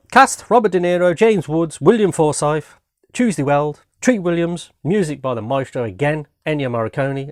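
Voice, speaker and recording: A man's voice: medium pitch, darkish tone, no room sound, clean studio sound. A man chatting casually at home, enthusiastic and rambling, often repeating himself. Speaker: home video host reviewing films. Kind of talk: casual chat. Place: home room.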